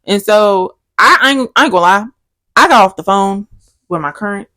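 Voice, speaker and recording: A woman's voice: moderate pace, no room sound. A young woman co-hosting a podcast, telling a story casually and acting out the quoted lines. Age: young adult. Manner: animated storytelling, acts out quotes with big pitch jumps. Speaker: podcast co-host. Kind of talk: casual chat.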